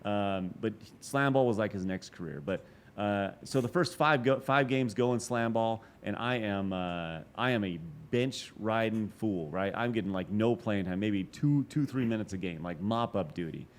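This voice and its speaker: Lively storytelling man, lowish voice. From Texas. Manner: animated, profane, quick asides and restarts. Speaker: podcast guest. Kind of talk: casual storytelling interview.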